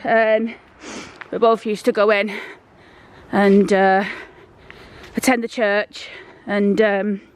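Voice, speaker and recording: A woman, chatting in a rambling, down-to-earth way and out of breath as she walks outdoors with a handheld phone. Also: mid-range voice. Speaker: vlogger. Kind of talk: casual walk-and-talk vlog. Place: outdoors, walking through town.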